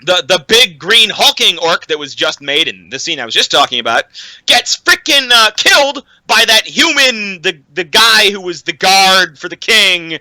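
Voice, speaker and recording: A young man co-hosting a podcast, ranting casually about a film with an animated, profane delivery and lots of "um"s. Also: high-pitched, moderate pace, no room sound, low-quality recording. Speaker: podcast co-host. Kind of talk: casual chat, film rant.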